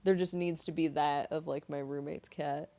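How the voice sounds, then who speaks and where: A woman's voice: sits low, fairly even intonation, normal speed, dark tone. A young woman, a voice actress, chatting casually on a livestream as she answers viewer questions. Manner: chatty, giggly, heavy on "like". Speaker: voice actress, streamer.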